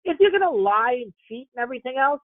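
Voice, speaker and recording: A man's voice: very high-pitched, animated, fast talker, no room sound. A man hosting a live stock market call, blunt and profane, pushing viewers to type in answers. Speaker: stock trading host. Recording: tinny phone-like dry sound.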